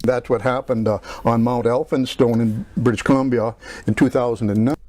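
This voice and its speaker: A man giving a presentation talk, measured and often hesitating with filler sounds. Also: medium pitch, fairly even intonation, mellow, no echo. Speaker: lecturer.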